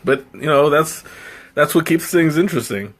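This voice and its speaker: A man's voice: on the high side, animated, moderate pace, a bit bright, slightly rough. A man hosting a casual live tea-tasting stream, chatting to his viewers in a rambling, self-interrupting way, laughing often and teasing himself. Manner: playful, self-mocking.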